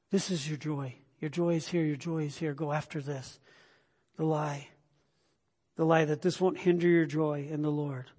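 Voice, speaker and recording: A man's voice: on the high side, a little mellow, husky. A middle-aged male pastor preaching a conversational sermon, full of restarts and sudden bursts of emphasis. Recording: long hall reverb.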